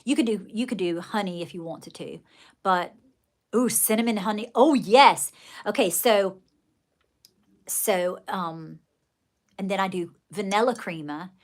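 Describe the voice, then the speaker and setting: A woman from Georgia with a Southern accent, chatting casually and rambling fondly to viewers on a livestream. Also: on the low side. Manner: chatty, gushing, rambling, calls viewers darling. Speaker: livestream host.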